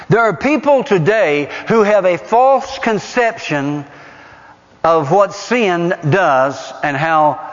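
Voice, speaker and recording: Emphatic high-voiced preacher in a reverberant hall. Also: male voice. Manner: emphatic, repeats phrases for stress; asks the audience rhetorical questions. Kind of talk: sermon. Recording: dull sound with long hall reverb.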